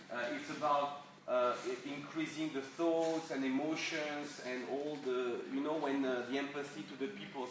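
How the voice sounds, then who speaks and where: A man from France with a French accent and French as his first language, giving a live talk in halting English full of restarts and fillers. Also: fairly high pitch. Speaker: guest speaker. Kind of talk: live presentation. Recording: echoey room, far mic, noise.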